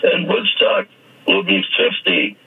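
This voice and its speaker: An older man telling playful stories as a radio guest, whimsical and given to sudden high squeaky bursts. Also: huge pitch swings, takes it slowly, vocal fry, slightly rough. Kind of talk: playful anecdotal storytelling. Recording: phone-like radio line.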